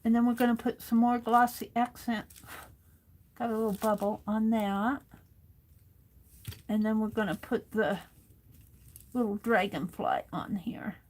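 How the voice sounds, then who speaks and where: A woman's voice: fairly high pitch, fairly even intonation, a little slow, pauses often, a little mellow. A woman hosting a casual crafting livestream, talking herself through each step as she works and reading viewers' comments aloud.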